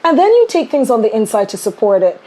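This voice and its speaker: Female podcast host, a little higher voice, lively and upbeat in conversation. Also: fast talker. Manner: enthusiastic, animated storyteller.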